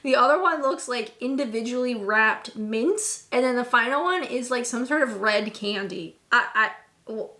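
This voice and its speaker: A young woman talks through a movie recap in a sharp, sarcastic tone. Her voice is bright and crisp and sits a little high. Everything she says comes out with snark. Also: moderate pace. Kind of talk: casual comedic movie recap.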